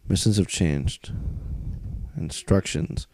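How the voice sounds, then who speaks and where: A man's voice: low voice, slow pace, darkish tone, no echo. A man playing through a strategy game, commenting as he goes and swearing a lot as he complains about the game's unfairness. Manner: profane, grumbling, calls out the game's unfairness. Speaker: let's play gamer.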